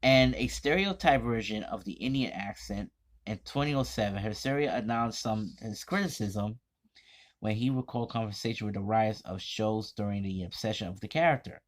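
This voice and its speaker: A man vlogging an indignant commentary, reading text aloud in a halting, stumbling way. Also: lowish voice.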